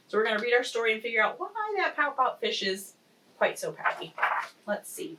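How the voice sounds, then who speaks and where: Woman, preschool teacher, playful children's lesson, lively pitch, distant mic. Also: a little fast, a little hiss or hum. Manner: animated, playful, talks to kids. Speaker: pre-K teacher. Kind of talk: children's lesson and read-aloud.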